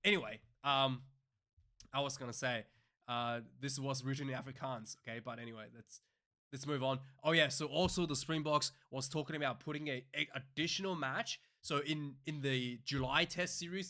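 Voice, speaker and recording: A man's voice: mid-range voice, normal speed, pushed and bright. A man hosting a casual news commentary show, talking in a rambling way full of fillers and restarts and working up into heated rants. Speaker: rugby news show host.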